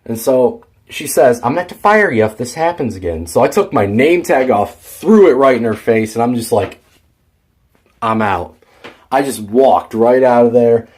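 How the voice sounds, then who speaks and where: His voice is on the low side with a darkish tone. This teenage vlogger rambles excitedly about quitting his job, retelling a feud at work with plenty of fire in a casual storytelling vlog.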